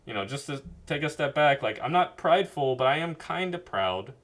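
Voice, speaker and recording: A man thinking out loud on a livestream, earnest and a little rambling. His voice is bright and pushes forward at a middling pitch. He sounds close to a computer mic. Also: animated, moderate pace. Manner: earnest, rambling, self-reflective. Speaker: streamer. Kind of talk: casual livestream monologue. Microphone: webcam mic at a computer.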